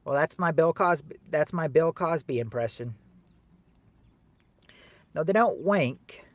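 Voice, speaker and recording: A man hosting a game show game on a livestream, joking with viewers in chat and loudly repeating the answers. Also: on the high side, animated, measured pace, no room sound. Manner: jokey and teasing, calls out answers loudly and repeats them. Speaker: livestream host running a family game show game. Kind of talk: casual livestream chat, reading viewers' guesses.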